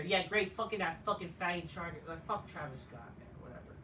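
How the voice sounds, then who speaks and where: A man's voice: fairly high pitch, expressive, brisk, few pauses, bright, forceful tone. A man giving a casual ranting review of a wrestling show, profane, dismissive and rambling. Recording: roomy, faint noise, from a distance.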